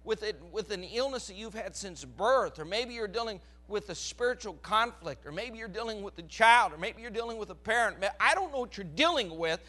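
High, bright, crackly-voiced preacher man. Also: a little fast, hardly any pauses. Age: 40s. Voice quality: crackly strained voice. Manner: animated preaching, rising to loud emphasis. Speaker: pastor. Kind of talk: sermon.

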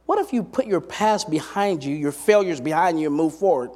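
A man's voice: a little high, animated, brisk, a little mellow. A middle-aged man preaching a sermon, telling personal stories and rising to emphatic exhortation.

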